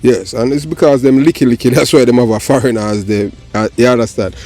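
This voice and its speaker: A man's voice: mid-range voice, fast talker, soft background music. Jamaican man hosting a sardonic channel. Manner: sardonic, rises to loud animated ranting. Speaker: channel host. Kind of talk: casual commentary and interview.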